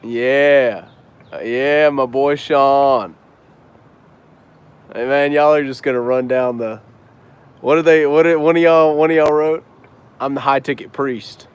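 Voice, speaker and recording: A man's voice: mid-range voice, level tone, takes it slowly, long pauses, smooth. A man hosting a casual live stream and answering viewer questions in a loose, slangy way, cussing freely. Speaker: business owner and trainer hosting a live stream.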